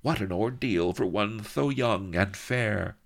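A man's voice: on the low side, takes it slowly, creaky, voice pushed up. A man voicing a huge, armored, paranoid viceroy villain who blares orders and turns oily and lisping, with a flavor. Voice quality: blaring, then lisping and oily.

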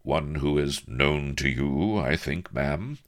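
A man voicing a flustered, formal young gentleman captain who speaks in a guarded, stiffly polite way. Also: very deep voice, lively intonation, unhurried, heavily acted.

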